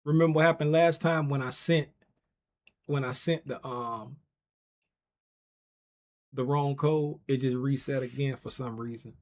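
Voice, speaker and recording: A man hosting a casual trading livestream, talking loosely and playfully straight to his chat, getting loud and excited as he calls a giveaway race. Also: mid-range voice, measured pace, pauses often.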